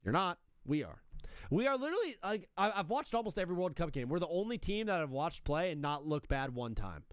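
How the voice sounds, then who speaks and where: A young man hosts a live sports stream in loud, brash, teasing banter, fired up and patriotic. His voice sits high and comes through smooth and resonant. The sound is dry and close on a streaming mic at home. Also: sing-song, brisk, no echo. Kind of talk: casual live-stream chat.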